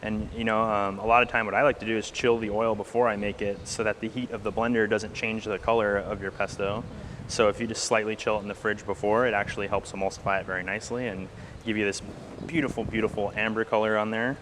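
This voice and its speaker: A man's voice: on the low side, a little hiss or hum. A man, a chef, casually explaining cooking tips during a live demo. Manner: quick, relaxed, lots of fillers. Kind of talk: cooking demonstration talk.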